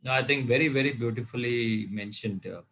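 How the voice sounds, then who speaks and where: A man's voice: mid-range voice, a little fast, a bit bright. A man moderating a devotional discussion, courteously inviting others to speak.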